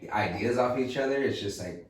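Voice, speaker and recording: A man's voice: mid-range voice, fairly quick, a little hiss or hum. Rambling man full of "like", echoey room. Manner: rambling, full of "like" and "you know". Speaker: podcast co-host. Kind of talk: casual chat. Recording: echoey room, far from the mic.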